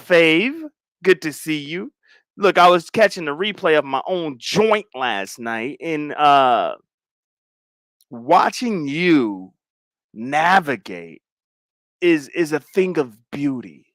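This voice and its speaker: A man hosting a casual livestream chat, slangy and animated, repeating phrases and dropping into mumbled asides. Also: fairly high pitch, dry recording, studio quality. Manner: animated, swings between loud and mumbled asides. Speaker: livestream host.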